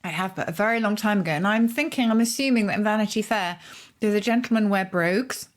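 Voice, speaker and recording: A woman's voice: mid-range voice, quick pace. Thoughtful woman explaining words. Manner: thoughtful, explaining, with hedges like "if you like". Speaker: podcast co-host, word expert. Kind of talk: casual explanatory conversation.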